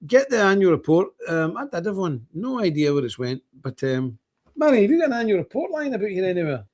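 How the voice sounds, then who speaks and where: A man's voice: high voice, big pitch swings, fast talker, a little mellow. Chatty older man streaming. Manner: chatty, rambling, greets viewers by name. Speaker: livestream host. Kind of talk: casual livestream chat with scripture reading. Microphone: phone camera.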